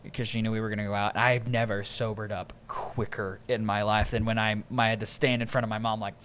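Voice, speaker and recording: A man's voice: lowish voice, flat delivery, fairly quick, a bit bright, slight background noise. A young man hosting a podcast, rambling through casual stories and laughing often. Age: young adult. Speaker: podcast host. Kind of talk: casual chat.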